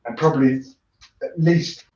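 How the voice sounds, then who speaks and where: Unhurried and a little mellow, this British man's mid-range voice carries a casual live-stream chat as he tinkers and responds to comments. He wanders off on tangents and makes fun of himself, and the audio is roomy and muffled.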